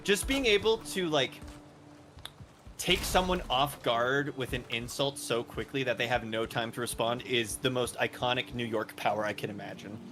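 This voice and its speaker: A man's voice: mid-range voice, moderate pace. A man hosting a live gaming stream, chatting casually and rambling with frequent laughs. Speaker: streamer host. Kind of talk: casual chat while gaming. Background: music.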